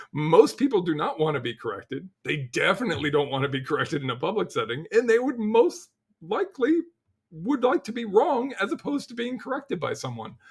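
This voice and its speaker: A middle-aged man, a guest on a podcast, telling stories in a casual, animated way, full of "like" and restarts, and acting out quotes. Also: on the high side, husky. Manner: animated storyteller, acts out quotes, frequent "like" and restarts. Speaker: podcast guest, cybersecurity leader. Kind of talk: casual interview chat.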